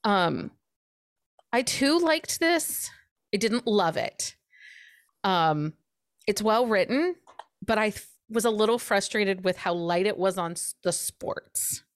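A woman talks through a romance novel with her co-host, animated and chatty. She slips into characters' voices now and then. The sound is dry and close. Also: mid-range voice, takes it slowly, no echo. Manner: animated, acts out characters' lines with laughs. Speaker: podcast co-host. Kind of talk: casual book chat.

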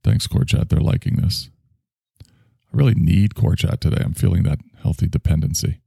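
A man's voice: deep voice, moderate pace, vocal fry, dark tone, slightly rough, dry recording, clean studio sound. A man streaming, rambling sarcastically in a comic monologue.

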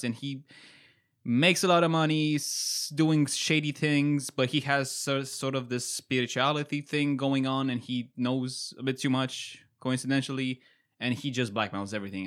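Rambling, teasing podcast co-host. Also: male voice, medium pitch, fairly bright tone. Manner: rambling, teasing, searches for words. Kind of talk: casual podcast chat.

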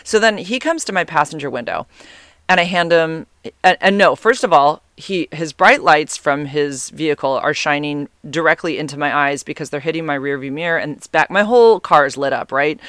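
A woman's voice: sits low, animated, moderate pace, fairly bright tone, no echo, studio quality. A woman telling a personal story in a casual, rambling way, with many restarts and bursts of laughter.

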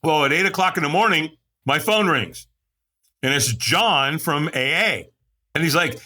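A middle-aged man, a podcast guest, telling his own story candidly and animatedly, acting out the voices of people he quotes. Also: unhurried. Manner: animated, acts out quoted voices with big pitch jumps.

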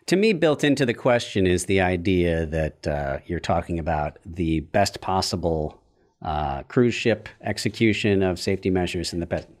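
A man's voice: deep voice, lively intonation. A man co-hosting a podcast, chatting with some "uh" fillers and reading the closing credits. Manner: hesitant in chat with "uh" fillers, brisk when reading credits. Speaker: podcast co-host. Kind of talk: casual chat and scripted show outro.

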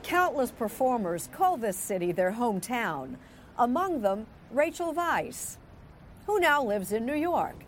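A female TV host introduces segments in a polished, scripted way. Her voice is on the high side for a woman and lively in pitch, with faint background noise. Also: a little slow. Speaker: TV program host. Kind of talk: scripted news presentation.

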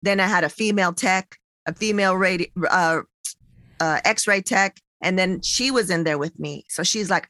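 A woman's voice: medium pitch, moderate pace, bright, forceful tone, no echo. A young adult woman telling a personal story in casual, profane chat, acting out the people she quotes.

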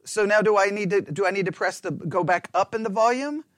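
A pastor chatting in a rambling, animated, self-mocking way while testing his lapel mic in a small closed-in room. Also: high-pitched, a little fast, no echo, studio quality. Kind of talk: casual talk while testing a microphone. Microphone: wireless lapel mic with belt-clip transmitter.

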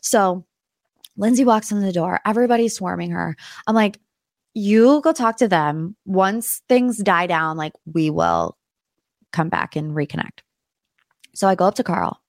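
A young woman hosting a podcast, telling a story in a casual way and acting out quotes in high, excited voices. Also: a little slow, dry recording, studio quality. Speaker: podcast host.

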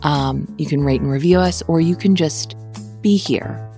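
A woman's voice: low voice, normal speed, gravelly, warm tone, soft background music. A woman hosting a podcast, reading a personal essay and the show outro with wry, dry humor. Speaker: podcast host.

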